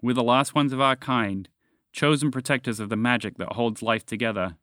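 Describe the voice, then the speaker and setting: Narrator plays a solemn ancient dragon, deliberate delivery, dry close mic. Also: male voice, mid-range voice, fairly bright tone, dry recording, lightly acted. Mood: grave. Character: grave ancient male blue dragon.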